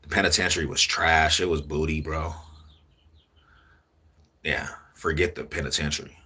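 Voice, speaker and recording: A young man talking casually to his viewers in street slang, repeating himself in a loose, drawn-out way. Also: rumbling low, fairly even intonation, pushed and bright, slightly rough. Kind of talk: casual street talk to camera.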